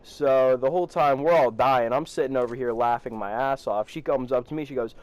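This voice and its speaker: Teen boy, casual storytime vlog, rambly and profane, average pitch. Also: a little fast, darkish tone, no room sound. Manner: rambling, profane, laughs while telling. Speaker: vlogger.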